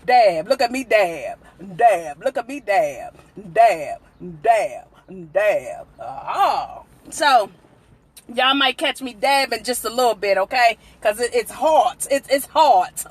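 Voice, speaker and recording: A woman's voice: sits high, a bit bright. A woman hosting a casual livestream from her parked car outdoors, chatty, greeting viewers by name and laughing often. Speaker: livestream host.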